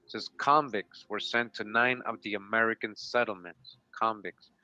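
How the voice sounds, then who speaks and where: A man's voice: on the low side, fairly even intonation, moderate pace, sharp tone, dry recording. A man reading passages and full citations from history sources aloud, adding short comments as a show co-host. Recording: dull, lo-fi sound.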